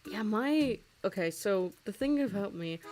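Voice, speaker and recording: A woman's voice: medium pitch, expressive, a little slow, a little mellow, faint music behind. A woman in her twenties, chatting casually and rambling with many fillers and frequent giggles while she draws on a stream. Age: 20s. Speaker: streaming artist. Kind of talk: casual chat while drawing.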